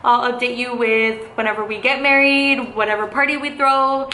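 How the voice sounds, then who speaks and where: A woman's voice: a little high, steady tone, normal speed, sharp tone. Chatty young woman in echoey room. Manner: chatty, full of "like" and "um" fillers. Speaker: vlogger. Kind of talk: casual story time. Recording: echoey room with faint hiss.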